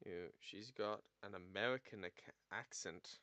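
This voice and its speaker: A man's voice: mid-range voice, normal speed, a bit bright, dry recording. A young man chatting casually on a stream while editing video. He rambles, cuts himself off, and swears now and then.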